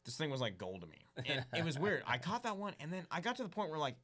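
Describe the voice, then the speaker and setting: A man's voice: a little high, sing-song, fast talker, fairly bright tone. A young man telling casual, rambling fishing stories as a podcast guest, saying "dude" a lot. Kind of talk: casual storytelling chat.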